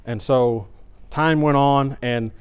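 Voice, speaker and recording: A middle-aged man preaching at a church service at an ordinary pitch. He tells a personal story in an animated, conversational way, often restarting his sentences. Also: slow pace, smooth.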